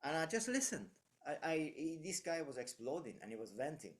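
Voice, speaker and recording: A man's voice: a little high, very animated, a little fast. A man giving leadership advice in casual conversation, reflective and anecdotal, with frequent fillers and restarts.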